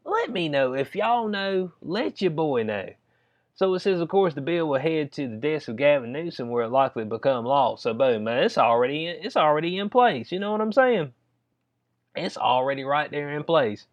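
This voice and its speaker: A man's voice: fairly high pitch, very animated, normal speed, highs cut off. A man with a Southern US accent talking loosely over a news story, reading bits aloud and peppering his talk with "you know what I'm saying.". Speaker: vlogger commenting on news.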